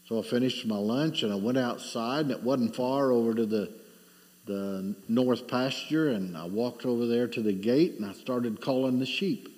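A man's voice: medium pitch, big-room sound. A middle-aged man preaching a sermon, asking rhetorical questions and telling a story with rising and falling intensity.

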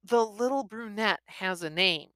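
A woman voicing an observant young stewardess who talks in a quick, wry way. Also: medium pitch, sharp tone, no echo, pitched above the performer's own voice.

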